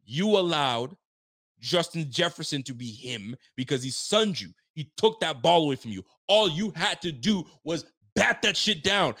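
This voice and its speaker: A young man hosts a live sports stream, ranting in frustration, swearing freely and sometimes acting out the players' voices. His voice is slightly high and fairly bright, with lively intonation at a normal speed.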